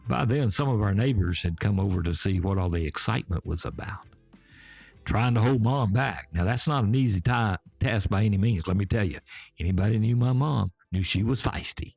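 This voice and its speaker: A man in his seventies with a Georgia accent telling folksy tales in an unhurried way, talking straight to his listeners. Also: on the low side, darkish tone, soft background music. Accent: Southern US, Georgia. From Georgia, USA. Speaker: storyteller host. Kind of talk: folksy spoken storytelling. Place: back porch.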